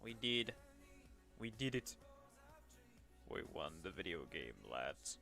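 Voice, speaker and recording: Chatty man streaming, bright voice. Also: deep voice, very animated, slow pace, soft background music. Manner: chatty, self-deprecating, talks to himself while working. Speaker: streamer doing 3D modeling commissions. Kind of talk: casual livestream commentary.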